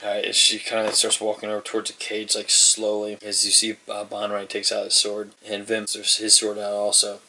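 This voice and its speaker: A man's voice: on the low side, monotone, brisk, few pauses, sharp tone. A man narrating as game master of a tabletop game, describing scenes in a rambling way with many fillers. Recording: distant mic with clear background noise.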